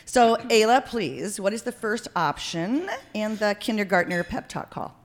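A woman hosting a comedy podcast, animated and jokey in her banter. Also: mid-range voice, unhurried. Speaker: host.

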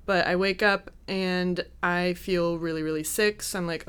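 Smooth-voiced young woman telling a story. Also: fairly low pitch, level tone, moderate pace, a bit bright. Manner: chatty, laughs at her own mishaps, acts out quotes. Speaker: guest telling a personal story. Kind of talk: casual storytelling.

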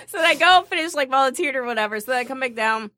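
A woman's voice: high voice, animated, very fast, bright, forceful tone, no room sound, studio quality. A woman telling a story in casual chat, acting out each line of dialogue and laughing often.

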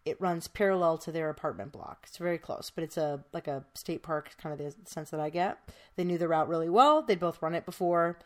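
A woman's voice: sits low, fairly quick. A woman podcast host telling a true crime case in casual, chatty storytelling, with many fillers.

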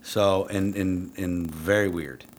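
A middle-aged man who trains police dogs, telling a story in a blunt, profane, casual way and jumping into animated quotes of himself. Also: low voice, slow, slight background noise.

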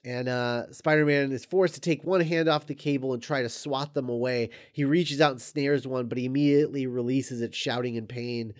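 A man's voice: medium pitch, fairly even intonation, normal speed, few pauses. Rambling man retelling a story. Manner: rambling, hesitant, full of ums and restarts; amused, chuckles while recounting. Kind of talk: casual retelling of a screenplay.

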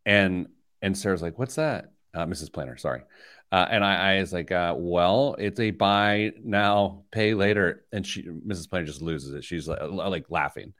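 A middle-aged man hosting a money radio show, telling stories in lively banter that gets loud when he's excited. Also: sits low, moderate pace. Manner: animated storyteller, rising loud when excited. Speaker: radio show host, financial planner. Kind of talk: casual studio banter.

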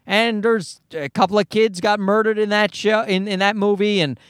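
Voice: mid-range voice, fairly even intonation, normal speed, smooth, dry recording, studio quality. A podcast host ranting casually, swearing often and restarting sentences. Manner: profane, ranting, many restarts.

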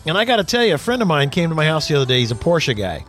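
A man's voice: on the high side, racing, faint music behind. A man hosting a casual car talk radio show, telling stories and acting out quotes. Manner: animated storyteller, acts out quotes.

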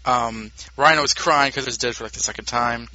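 Very bright-voiced man recapping fast. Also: mid-range voice, dull audio. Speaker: podcast co-host. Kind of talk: casual comic book review chat.

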